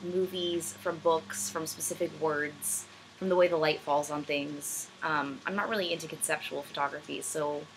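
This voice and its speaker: A woman's voice: low-pitched, a bit bright, slight background noise, low-quality recording. A young woman vlogger answering viewer questions in casual chat, rambling and self-deprecating, with many ums. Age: young adult. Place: room at home, backlit.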